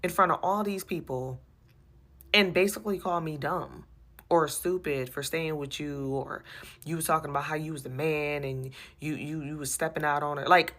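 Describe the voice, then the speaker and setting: A woman telling an animated, exasperated personal story about her church, repeating herself as she goes. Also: low-pitched, normal speed. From USA.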